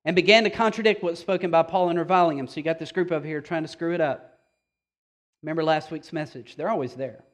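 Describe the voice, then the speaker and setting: Preaching to his congregation, a high-voiced pastor keeps a casual tone and asks rhetorical questions. His delivery swings from loud and emphatic to slow and hushed.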